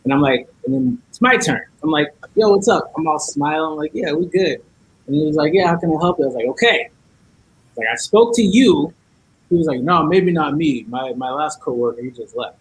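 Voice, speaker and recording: A man's voice: a little high, brisk, breathy edge, poor audio. A man guest on a podcast, telling a story in casual chat, acting out each side of the dialogue and cursing a lot.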